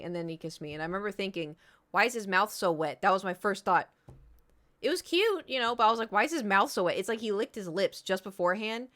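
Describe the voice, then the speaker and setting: A woman's voice: fairly low pitch, fairly bright tone, clear, resonant tone. A woman, chatting casually on stream and telling a rambling story full of fillers and quoted voices. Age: 30s.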